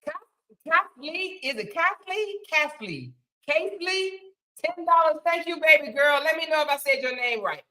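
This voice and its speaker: A woman hosting a live stream, reading out viewer super chats, excitable, chanting and shouting thanks, swearing casually and laughing often. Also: sits high, moderate pace, poor audio. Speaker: livestream host.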